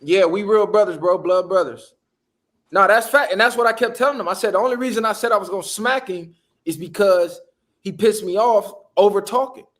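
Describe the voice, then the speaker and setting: A man's voice: high voice, a little fast, a bit bright. A man hosting a casual podcast, telling a story in a heated, emphatic way. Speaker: podcast host.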